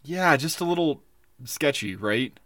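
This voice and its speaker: A man's voice: on the high side, animated, measured pace, bright, forceful tone, no echo, clean studio sound. A man co-hosting a podcast in casual chat, ranting with lots of swearing and breaking into giggles. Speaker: podcast co-host.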